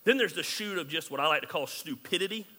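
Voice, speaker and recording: Pastor, male, high sharp voice; candid and jokey, loud then hushed, hall reverb. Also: expressive, quick pace. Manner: candid, joking, swings between loud and hushed. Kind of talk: sermon.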